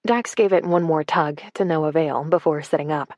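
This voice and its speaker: Woman audiobook narrator, first-person, wry; low register, dry studio sound. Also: normal speed, darkish tone, no room sound.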